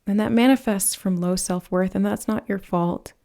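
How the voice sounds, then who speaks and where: A woman giving a pick-a-card tarot reading, speaking in a gentle, earnest way that rambles a little, with soft laughs. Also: medium pitch, steady tone, moderate pace. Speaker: tarot reader.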